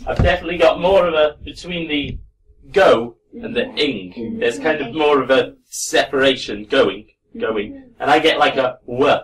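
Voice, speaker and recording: A man teaching a pronunciation class to students in a classroom, relaxed and encouraging. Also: mid-range voice, normal speed, a crowd in the background. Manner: relaxed, encouraging, demonstrates sounds. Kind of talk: classroom lesson. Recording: distant mic in a classroom.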